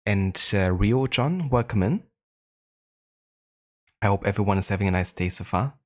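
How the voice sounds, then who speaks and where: A man's voice: fairly low pitch, normal speed, darkish tone. A man with a German accent chatting casually on a live game stream, greeting viewers in a laid-back way with frequent fillers.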